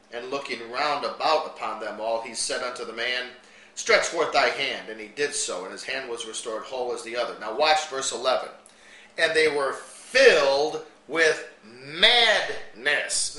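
Man, preacher, bright forceful voice, somewhat high, echoey room, scripture reading with asides. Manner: reads King James verses, then breaks in with lively asides and chuckles.

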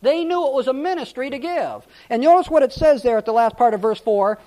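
A man's voice: very high voice, fast talker, hardly any pauses, darkish tone. A male pastor preaching a sermon in a conversational, storytelling way, with frequent restarts.

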